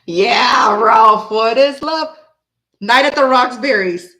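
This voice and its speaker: A woman hosting a tarot reading from home, chatting casually and rambling, who breaks into snippets of old songs and talks softly to her cat. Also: fairly high pitch, slow pace. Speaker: tarot reader and channel host. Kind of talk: casual chat on a live reading.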